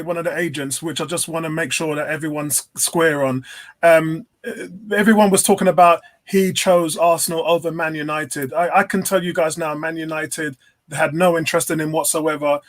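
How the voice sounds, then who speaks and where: A man's voice: fairly high pitch, fairly quick. A man on a casual fan stream passing on insider news in an earnest, confiding way.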